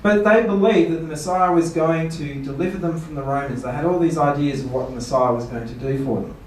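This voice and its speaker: A man's voice: on the high side, brisk, darkish tone, a little hiss or hum. A man, a pastor giving a seminar talk, asking rhetorical questions and playfully mock-quoting people. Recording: echoey room, voice from far off.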